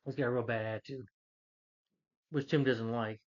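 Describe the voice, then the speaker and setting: A man giving a casual, rambling movie review, retelling the plot with many fillers and putting on higher voices for the characters. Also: fairly even intonation, normal speed, lo-fi sound. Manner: loose, filler-heavy retelling that jumps up in pitch for quoted characters.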